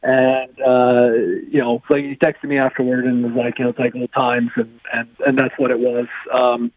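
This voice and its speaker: A man's voice: mid-range voice, completely flat delivery, normal speed, dry recording. A male sports columnist, a guest on a phone-in interview, talking in a friendly, rambling way with many restarts. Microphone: phone line. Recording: tinny phone line, dry.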